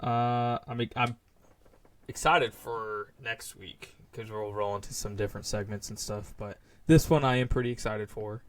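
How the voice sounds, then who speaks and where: A man's voice: on the low side, fairly even intonation, moderate pace. Laid-back young man co-hosting a podcast. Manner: laid-back, laughs often, trails off with fillers. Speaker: podcast co-host. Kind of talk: casual chat.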